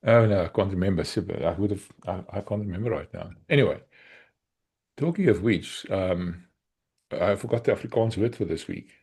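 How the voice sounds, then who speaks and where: Husky South African man, casual chat. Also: low voice, moderate pace, darkish tone. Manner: teasing, chatty, laughs often. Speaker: podcast co-host.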